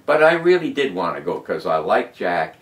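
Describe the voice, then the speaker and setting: A man's voice: normal speed, reverberant. A man in his nineties, a war veteran telling his story in an oral history interview with emphatic rises and drops. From United States. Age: 90s. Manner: animated, emphatic storyteller who rises and drops in pitch and loudness. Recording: voice from a distance off the mic.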